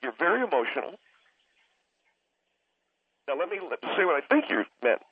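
A man's voice: on the high side, moderate pace, slightly rough, no echo. Condescending man over a tinny phone line. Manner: condescending, keeps interrupting to calm the host. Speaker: caller. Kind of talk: radio call-in argument.

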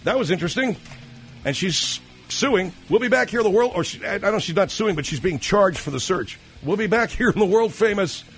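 Male talk radio host, middle-aged, brash and irritable with a slightly high voice. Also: lively intonation, brisk, soft background music.

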